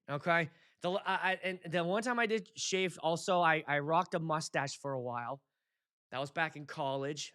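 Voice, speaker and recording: A man's voice: a little high, pushed and bright, clean tone. A man in his thirties hosting a casual livestream, chatty and rambling, with self-deprecating jokes. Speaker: DJ and show host.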